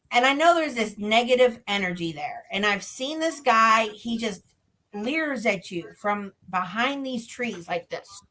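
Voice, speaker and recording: A woman guest describing ghost investigations in lively storytelling, acting out other people's lines and laughing often. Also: mid-range voice, poor audio. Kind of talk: animated storytelling.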